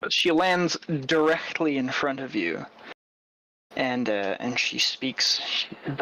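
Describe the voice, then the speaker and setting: A man narrating as game master of a tabletop role-playing game, with lively, descriptive storytelling. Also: medium pitch, takes it slowly, muffled recording.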